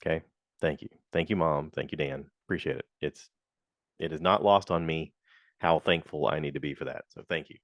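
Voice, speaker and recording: A man with a deep, low voice tells a casual story on his podcast. He talks frankly and complains as he goes, and acts out the people in it. The recording is close and dry, with no room sound. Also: brisk, dry recording. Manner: animated, slips into quoted voices. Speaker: podcast host.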